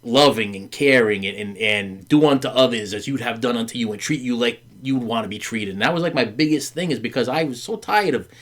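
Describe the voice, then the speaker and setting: A man's voice: mid-range voice, fairly quick, hardly any pauses, a bit bright. A middle-aged man hosting a podcast, telling a story to his wife in a candid chat, stumbling over and repeating words with many fillers and acting out the people he quotes. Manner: earnest, acts out quoted voices. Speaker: podcast host.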